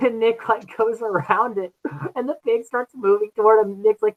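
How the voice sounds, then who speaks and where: A man's voice: normal speed, phone-quality sound. Guy hosting a podcast, keeps acting out the quotes, voice jumps all over. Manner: animated, acts out quotes with big pitch jumps. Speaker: podcast host. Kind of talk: casual chat recapping episodes.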